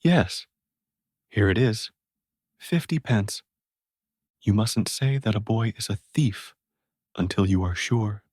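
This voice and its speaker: A calm, commanding knight from a storybook, voiced by a man narrator. The delivery is unhurried and a little husky, recorded close and dry. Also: on the low side, no room sound, full character voice.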